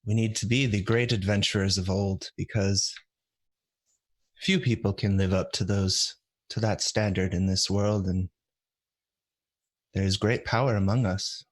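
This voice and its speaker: Brief: man doing a weary healer-hero adventurer, low, slow, halting, solemn. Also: fairly even intonation. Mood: earnest.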